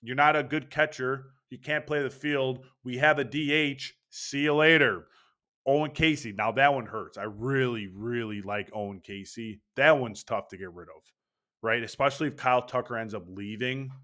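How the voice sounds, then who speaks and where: A man's voice: mid-range voice, moderate pace, pushed and bright. A young man hosting a casual sports opinion monologue, brash and profane, talking with hyped energy. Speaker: baseball channel host.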